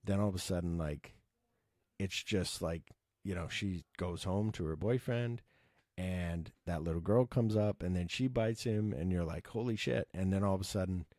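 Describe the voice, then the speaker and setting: A man with a very low, dark and mellow voice talks casually about movies, rambling with plenty of fillers and the odd curse. The recording is dry and close, with no room sound. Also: moderate pace, no echo. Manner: rambling, sweary, enthusiastic, with many fillers. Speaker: movie podcast host.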